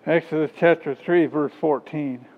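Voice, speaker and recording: A man preaching a sermon and reading scripture, emphatic and rising in pitch on key points. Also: fairly even intonation, normal speed. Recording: dull sound with long hall reverb.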